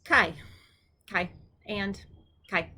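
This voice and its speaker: A woman teaching vocabulary in a casual lesson, saying each word slowly several times and adding chatty asides. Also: medium pitch, pushed and bright, breathy edge. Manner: repeats words slowly for the listener, with chatty asides. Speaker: language teacher.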